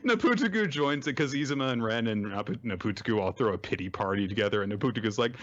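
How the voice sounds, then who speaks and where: Male podcast host, casual, lively storyteller; slightly dull audio. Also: mid-range voice, fast talker, few pauses. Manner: animated, jumps into silly character voices for quotes. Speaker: podcast host recapping manga. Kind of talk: casual chat, summarizing with voiced quotes.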